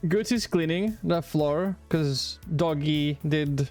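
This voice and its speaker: A man streaming live, chatting casually with his viewers in an excitable, rambling, playful way and swearing freely. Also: a little high, slow pace, faint music behind.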